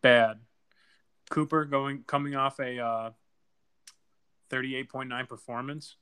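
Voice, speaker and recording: A man recaps the week's fantasy football matchups in loose, casual chat. His voice is bright and forceful, and his talk is blunt and full of cheerful trash talk. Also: mid-range voice, fairly even intonation, takes it slowly, clean tone. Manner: blunt, trash-talking, laughs easily. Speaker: podcast co-host.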